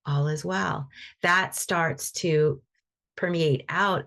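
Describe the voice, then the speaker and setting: Low, gravelly woman teaching. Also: fairly bright tone. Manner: loose, conversational, with frequent restarts. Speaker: animal Reiki teacher. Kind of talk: live online teaching talk.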